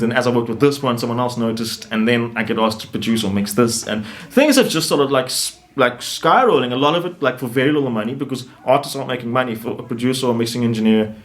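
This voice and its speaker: A young man, a musician, telling his story casually as an interview guest in a rambling, animated way, often starting over and climbing in pitch for emphasis. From South Africa.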